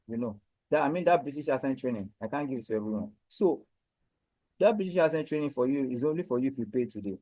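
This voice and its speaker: A man from Nigeria presenting a webinar sales pitch, pressing listeners again and again to buy a training course. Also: lively intonation, brisk, warm tone, no echo, poor audio. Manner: persuasive, repetitive sales push. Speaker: online course seller.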